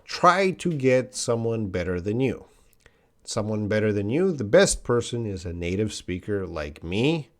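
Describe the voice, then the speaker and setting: Low-voiced man teaching English. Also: sing-song, unhurried. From Canada. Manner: casual, restarts often, reads viewer comments aloud. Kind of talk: live-stream English lesson.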